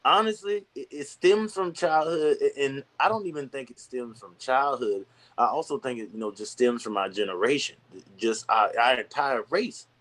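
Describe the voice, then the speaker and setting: A man's voice: medium pitch, normal speed, fairly bright tone. Candid young man speaking plainly. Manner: candid, storytelling, acts out voices in anecdotes. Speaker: podcast guest. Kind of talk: casual conversation.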